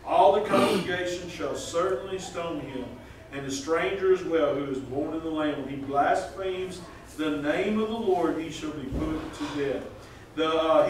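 A high-voiced man with a drawl preaches a folksy, joking sermon. His voice rings around a big, echoey church hall, picked up from well back off the mic with a faint hiss underneath. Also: far from the mic. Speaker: pastor. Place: church sanctuary.

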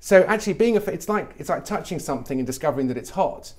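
This middle-aged man from England, a comedy writer, talks fast with lively intonation in a slightly high, darkish voice. During the conversational interview he's animated and imitates people in mock voices when quoting them.

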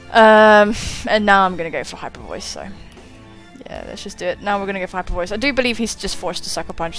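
This young woman, a gaming YouTuber, has a fairly bright voice of medium pitch. Chatting casually over a game battle, she ribs herself for her moves and swears and laughs a lot.

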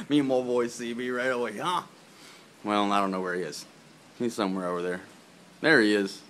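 A man's voice: lowish voice, moderate pace, sharp tone, a little hiss or hum. A man ranting casually to camera as a vlogger, profane and laughing, drifting off topic outdoors in the rain. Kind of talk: rambling casual rant to camera.

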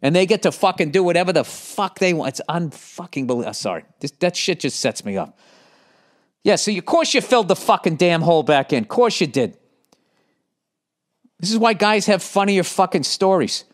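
Middle-aged man, boston accent, podcast host, profane ranting, slightly higher voice. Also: moderate pace. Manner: profane, animated ranting with frequent swearing; reads listener letters aloud, then rants back. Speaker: podcast host answering listener letters.

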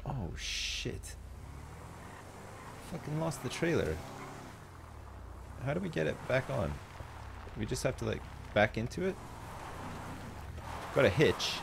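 A man streaming a video game, commenting live in an excitable, jokey way with plenty of swearing. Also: mid-range voice, a little slow, creaky, long pauses, noisy background.

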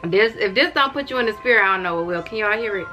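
A woman's voice: mid-range voice, lively intonation, fast, over music. A young woman vlogging from home in a casual, chatty way, often calling her viewers "y'all". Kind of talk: casual chat to camera. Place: at home, wrapped in a robe and blanket.

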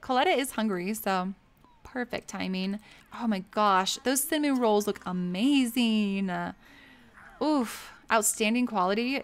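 A woman giving casual, chatty commentary over a life-sim game, laughing often and gushing over the family she plays. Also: a little high. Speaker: gameplay streamer.

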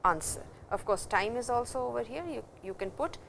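A woman teaching a language lesson, explaining slowly and repeating each example sentence. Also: a little high, lively intonation, creaky, fairly bright tone, slight background noise, low-quality recording. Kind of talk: classroom lecture.

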